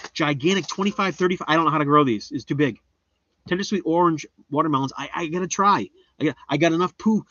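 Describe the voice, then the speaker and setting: A man's voice: a bit bright, breathy edge, no room sound. A man chatting casually on a live stream as he shows off garden seeds, rambling, goofy and mocking himself. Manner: rambling, goofy, self-mocking, jumps into high silly voices. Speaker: homestead gardening livestreamer. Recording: dull, slightly lo-fi dry sound.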